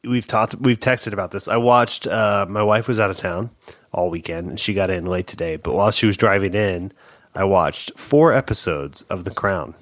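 A man co-hosting a casual movie podcast, dropping deadpan jokes and asides. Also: low voice, moderate pace, dry recording, clean studio sound. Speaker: podcast co-host. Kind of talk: casual comedic chat.

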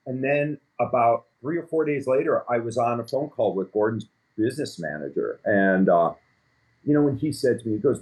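A man in his fifties, a company founder, telling stories in a casual interview, rambling and animated with many fillers. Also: medium pitch, normal speed. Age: 50s.

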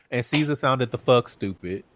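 A man co-hosting a casual chat show, recapping reality TV with profane, animated retellings. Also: mid-range voice, measured pace, slight background noise. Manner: profane, animated, mimics people he quotes. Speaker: podcast co-host.

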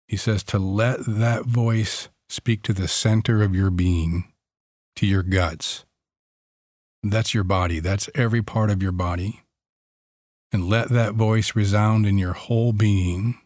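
A man guides a Christian meditation in a low, unhurried voice. He speaks softly, leaving long pauses between phrases, and the recording is close and dry with no room sound. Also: fairly even intonation, dry recording.

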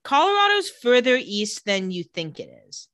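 Her voice sits fairly high as she chats casually on a podcast she co-hosts, retelling a TV episode with lively storytelling and acting out characters' lines in quick voices. The studio sound is clean, with no room sound at all.

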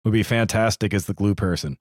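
A man's voice: lowish voice, a little fast, no room sound, studio quality. A man co-hosting a wrestling podcast in casual, jokey, digressive chat. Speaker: podcast co-host.

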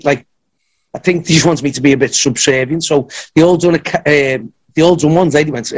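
A man spins a long story in a relaxed interview, his voice sitting a touch high for a man. He jumps into the voices of the people in his tale, then drops back to his easy storytelling tone. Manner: animated anecdotes, acts out others' lines. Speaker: podcast guest, wrestler. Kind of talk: casual storytelling.

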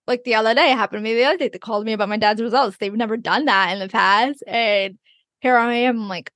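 A woman's voice: fairly high pitch, quick pace, no room sound, studio quality. Giggly young woman chatting on a podcast. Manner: laughs often, animated storytelling. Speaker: podcast co-host. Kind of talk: casual chat.

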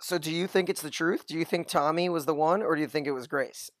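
A man's voice: a little high, fast talker, no room sound, studio quality. A man co-hosting a casual podcast, going through a TV episode and asking his co-host questions. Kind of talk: casual TV recap chat.

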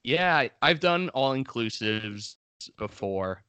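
A man's voice: medium pitch, expressive, takes it slowly, sharp tone, clear, resonant tone, dry recording. A man from Long Island co-hosting a podcast, chatting eagerly and rambling with many restarts. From Long Island, New York. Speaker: podcast co-host. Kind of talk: casual podcast chat.

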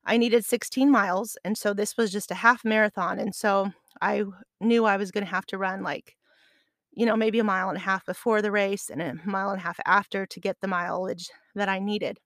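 A woman's voice: medium pitch, steady tone, brisk, a bit bright, no room sound, clean studio sound. A middle-aged woman hosting a podcast, telling a personal story in a chatty, self-deprecating way and laughing as she goes. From Arizona. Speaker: podcast host. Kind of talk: casual storytelling monologue.

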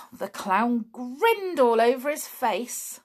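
A woman reading a children's story aloud in a gentle, expressive way. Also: on the high side, drawn-out words.

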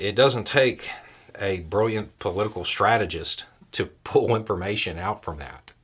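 Male commentary host, husky low voice, dry conversational delivery. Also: a bit bright. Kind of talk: solo political commentary.

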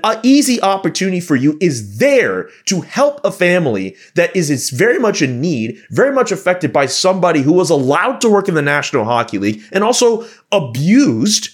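Fired-up man with a lively voice. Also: on the high side, husky. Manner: impassioned, fired up. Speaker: panelist. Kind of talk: heated panel discussion.

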